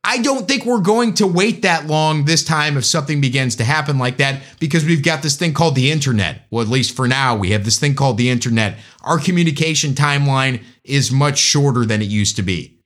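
A man's voice: mid-range voice, a little fast, hardly any pauses, fairly bright tone. A man giving a casual, joking, opinionated monologue as a commentator.

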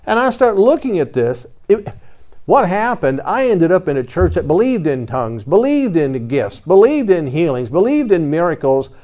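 Lively, animated male preacher. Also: a little high, normal speed. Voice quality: reads scripture in King James wording. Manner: conversational, storytelling preaching with lively rises. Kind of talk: sermon.

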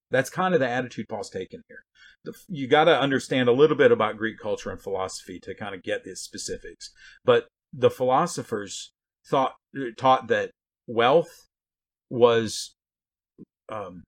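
A man's voice: medium pitch, fairly bright tone. Blunt, folksy man teaching the Bible. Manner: blunt, folksy, rhetorical questions.

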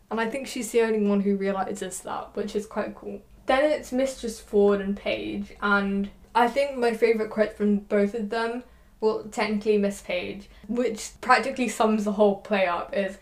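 A young woman hosts her own podcast in a relaxed, chatty way. She talks loosely, full of little fillers, and stops now and then to recite a line she likes. Her voice sits at an ordinary middle pitch. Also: normal speed. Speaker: podcast host. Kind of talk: casual podcast chat.

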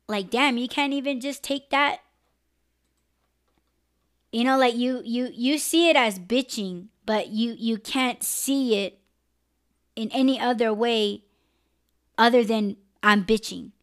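A woman's voice: medium pitch, fairly bright tone. A woman hosting a live-stream podcast, talking candidly and emotionally and swearing freely. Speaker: podcast host.

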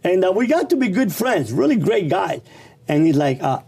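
Animated man telling a blunt story. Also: high-pitched, moderate pace, gravelly, breathy edge. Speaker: guest telling his life story. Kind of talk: casual storytelling.

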